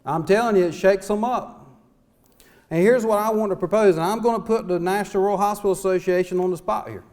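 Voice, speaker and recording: Speaking fast in a high-pitched, darkish voice with fairly even intonation, a middle-aged small-town mayor from North Carolina addresses a conference hall. He delivers a fervent, folksy speech loaded with rhetorical questions.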